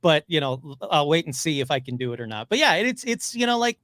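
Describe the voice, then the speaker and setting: A man with a somewhat high voice talks as a guest on a podcast. He is excitable and gushing and races through his stories. The recording is dry, close and free of room sound. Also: fast, no echo. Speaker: podcast guest, paranormal investigator. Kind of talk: casual interview chat.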